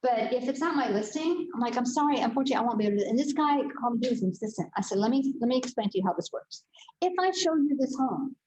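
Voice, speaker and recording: A woman who works as a real estate agent, talking to fellow agents in a loud, excitable way and acting out her stories. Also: high voice, fast talker. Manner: loud, excitable, animated storytelling. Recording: roomy, muffled room recording with faint noise.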